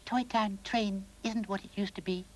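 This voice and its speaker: A man voicing a prim, fussy female toy doll in a storybook, high and sniffy. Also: fairly even intonation, moderate pace, natural voice, rough recording.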